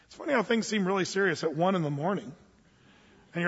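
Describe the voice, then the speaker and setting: A male pastor with a high, husky voice delivers a folksy, humorous sermon full of restarts and asides. The sound is dull and washed in long hall reverb, as if from a church sanctuary. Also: expressive, brisk, fairly bright tone. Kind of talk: conversational sermon.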